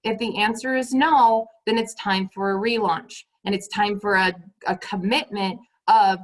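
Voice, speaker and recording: A woman's voice: mid-range voice, steady tone, normal speed, hardly any pauses, rough recording. A woman leading her sales team on a motivational call. She talks emphatically, repeats her points and keeps turning to the listeners as "you guys".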